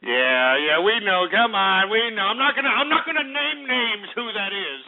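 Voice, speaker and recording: A man's voice: high voice, expressive, normal speed, creaky, background noise. A man hosting a call-in radio show, brash and mocking, rambling between calls. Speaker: radio host. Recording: phone-like radio sound with faint music.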